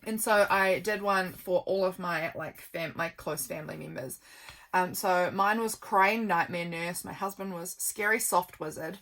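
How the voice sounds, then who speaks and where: A woman's voice: lowish voice, measured pace, a bit bright. Chatty, rambling woman vlogger. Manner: rambling and affectionate, with frequent ums. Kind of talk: chatty journal flip-through.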